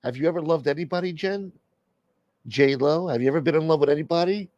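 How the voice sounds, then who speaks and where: A man's voice: on the high side, fairly quick, a little mellow, no room sound, lo-fi sound. A man in his fifties hosting a talk show and ranting crudely with mocking sarcasm. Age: 50s. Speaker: host. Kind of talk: profane comedic rant.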